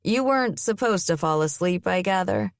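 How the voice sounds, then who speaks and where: A woman's voice: on the low side, lively intonation, moderate pace, no echo, clean studio sound. Woman voicing a teasing easygoing young man. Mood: mild. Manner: mild, wry.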